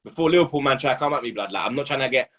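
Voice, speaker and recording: A young man, a football pundit who talks in loud, animated street slang and keeps saying "blood" and "you understand". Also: mid-range voice, racing. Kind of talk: casual football banter.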